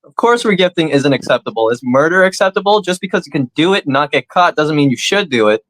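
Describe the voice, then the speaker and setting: A man co-hosting a comedy podcast, arguing a mock debate in a blunt, crude, deadpan way. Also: a little high, fast talker, rough recording.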